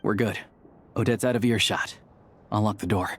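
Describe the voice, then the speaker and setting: A man's voice: on the low side, fairly even intonation, normal speed, slight background noise, close to an everyday voice. Man voicing an easygoing young theater worker. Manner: easygoing and persuasive. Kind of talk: video game voice acting.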